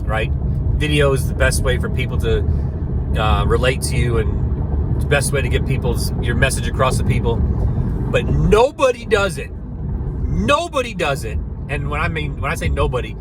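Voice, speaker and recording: A man's voice: mid-range voice, noisy background. A man telling a rambling, funny personal story to camera as a network marketing coach, often restarting his sentences and laughing at himself.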